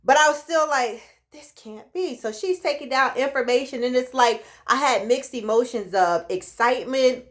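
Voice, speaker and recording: A woman in her late thirties talks straight to the camera in a relaxed vlog. Her voice sits a little high, and she tells her story in a lively way, acting out what each person said. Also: normal speed, hardly any pauses. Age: 30s. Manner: animated, acts out quoted voices. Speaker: vlogger.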